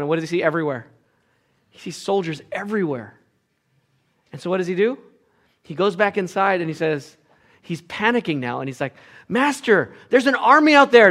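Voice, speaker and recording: A man with a somewhat high voice preaches a sermon, retelling a Bible story with casual asides and stumbling restarts. He acts out the characters, jumping from hushed, low tones to loud, excited bursts. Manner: animated storytelling, acts out voices with big swings in loudness. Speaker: pastor.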